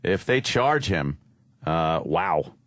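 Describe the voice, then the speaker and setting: A man co-hosting a radio talk show, tossing in quick wisecracks and banter from a studio mic. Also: deep voice, very animated, fairly bright tone, no room sound.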